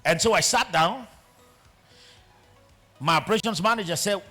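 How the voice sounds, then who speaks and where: A man with a Nigerian accent giving a motivational talk in a large auditorium, telling a story in an animated way that swings between loud and hushed. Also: fairly high pitch, normal speed, pauses often, soft background music. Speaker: guest speaker.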